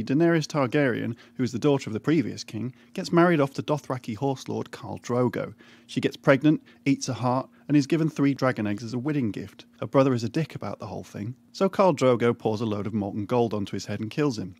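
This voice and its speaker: A man with a plain mid-range voice reads a scripted comic recap. His dry, deadpan delivery slips in irreverent asides without a pause.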